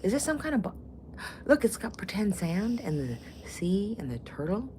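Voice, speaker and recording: A woman's voice: mid-range voice, sing-song, moderate pace, warm tone, slight background noise. A woman in her forties chatting casually and profanely to camera as a vlogger, full of jokey asides. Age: 40s.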